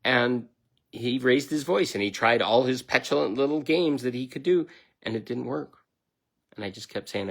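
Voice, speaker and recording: A middle-aged man delivers a motivational self-help monologue in a gravelly, creaky voice. He talks bluntly and emphatically and swears without hesitation. His pitch sits at an everyday middle level for a man. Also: moderate pace, fairly bright tone.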